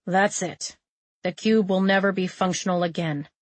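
A woman's voice: medium pitch, steady tone, normal speed, no echo, lightly acted. Woman doing a blunt, weary male medic. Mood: matter-of-fact.

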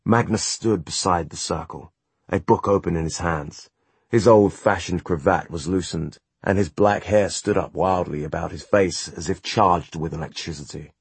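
A man narrating a fantasy audiobook in a measured, even storytelling manner. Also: low voice, breathy edge, dry recording. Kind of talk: scripted narration.

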